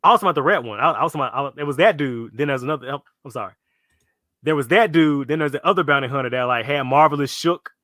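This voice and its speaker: A man co-hosting a casual fan podcast, animated, swearing freely and acting out villains' lines. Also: mid-range voice, very fast, dry recording, studio quality. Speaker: podcast co-host.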